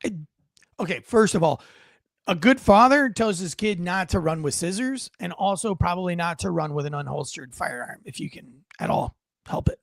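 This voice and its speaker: A young man co-hosting a podcast, talking in an animated, emphatic way and reading comments aloud. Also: high-pitched, moderate pace, gravelly, no room sound. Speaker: podcast co-host. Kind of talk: casual opinion chat.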